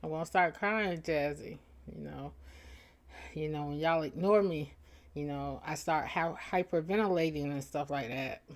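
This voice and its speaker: A woman hosts a casual livestream in a fairly low voice and an unhurried pace. She welcomes viewers one by one, jokes with them, and laughs easily between her lines. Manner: greets viewers by name, playful teasing banter. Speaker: livestream host and chat moderator.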